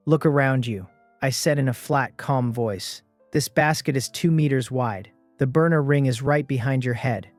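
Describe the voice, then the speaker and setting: A male narrator tells a first-person adventure recap in a steady, even storytelling voice. The sound is dry and close to the mic. Soft music plays faintly underneath. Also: medium pitch, no echo.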